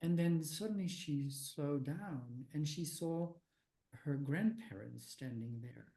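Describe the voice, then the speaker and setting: Older male guest, slow and halting, warm mellow tone, restarts often. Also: fairly high pitch, creaky, low-quality recording. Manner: halting, with many fillers and restarts. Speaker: guest researcher of near-death experiences. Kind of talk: conversational interview answers.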